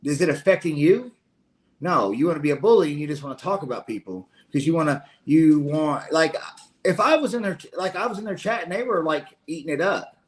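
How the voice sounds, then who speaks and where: A man's voice: on the high side, animated, a little fast. A man with a Kentucky Southern accent in casual late-night stream chat, rambling and indignant with many restarts. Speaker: stream co-host.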